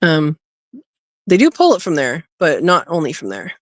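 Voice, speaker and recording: A woman's voice: deep voice, huge pitch swings, normal speed, no room sound. A woman hosting a homesteading live stream, chatting casually and talking sweetly to her rabbit, recorded on a phone. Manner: coos and talks to her rabbit, laughs often. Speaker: homesteading livestream host. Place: outdoors by a rabbit hutch.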